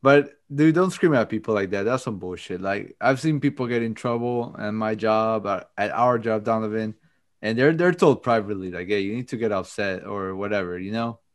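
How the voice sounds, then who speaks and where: A man's voice: fairly low pitch, normal speed. A man hosting a casual podcast chat, talking loosely and profanely and laughing often. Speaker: podcast host.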